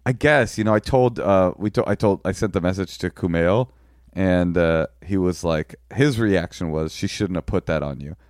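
A man co-hosting a podcast, telling a long story in a rambling, halting way with deadpan jokes. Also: low voice, dry recording, clean studio sound. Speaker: podcast co-host. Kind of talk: casual storytelling chat.

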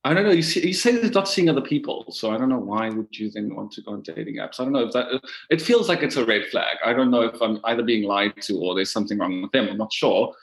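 A man's voice: lowish voice, animated, fast talker, hardly any pauses, poor audio. A man from South Africa calling an advice podcast, speaking hesitantly and searching for words. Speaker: caller. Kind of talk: casual conversation.

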